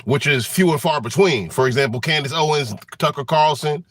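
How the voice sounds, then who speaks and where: A man's voice: fairly high pitch, brisk, a bit bright, no room sound, clean studio sound. A man giving an angry political rant, swearing often and restarting his sentences with many fillers. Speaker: political commentator.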